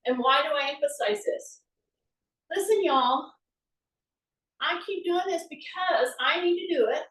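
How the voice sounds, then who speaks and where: A woman with a high voice talks through a workout, chatty and encouraging as she demonstrates each move. She sounds a little away from the mic in an echoey room. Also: unhurried, fairly bright tone, distant mic. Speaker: fitness instructor. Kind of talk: live exercise class instruction.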